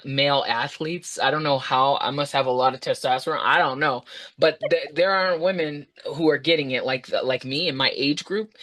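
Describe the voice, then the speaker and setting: A woman in her thirties, a podcast guest telling a personal story, animated, jumping high in pitch when she acts out her own past words.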